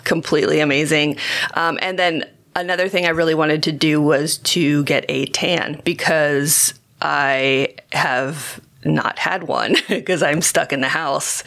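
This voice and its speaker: A woman's voice: low voice, fairly bright tone. A woman co-hosting a casual chat, laid-back and full of slang, laughing often.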